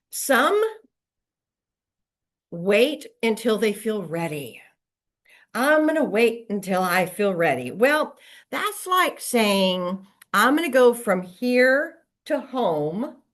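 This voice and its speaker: A middle-aged woman coaching real estate agents in a casual motivational talk, acting out quoted lines as she goes. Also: medium pitch. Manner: lively, conversational, acts out quoted lines.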